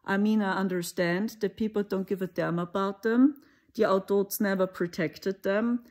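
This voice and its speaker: A woman's voice: mid-range voice, fairly even intonation, moderate pace, darkish tone. A woman from Germany with a German accent, talking in a rambling, conversational monologue for her own channel. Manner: rambling, conversational, with mocking asides. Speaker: spiritual channel host. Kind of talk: casual spoken monologue.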